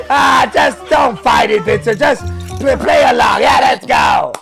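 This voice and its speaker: A man hosting a reaction video, commenting excitedly and casually, often restarting his sentences. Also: extremely high pitch, slow pace, gravelly, over music. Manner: excitable, lots of fillers and restarts.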